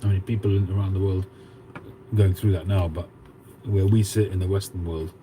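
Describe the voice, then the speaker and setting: A man's voice: low voice, level tone, normal speed, dark tone, slight background noise, low-quality recording. A man in his fifties with a Cockney accent, hosting a casual livestream and chatting with viewers as he reads out their comments. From England. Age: 50s. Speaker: livestream host.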